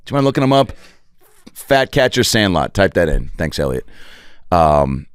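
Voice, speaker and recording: A male comedian rambles through a crude, digressive story, his lowish voice jumping up and down. He sounds close and dry on a studio podcast mic. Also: moderate pace, smooth, no echo. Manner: profane, digressive, animated. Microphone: podcast studio microphone.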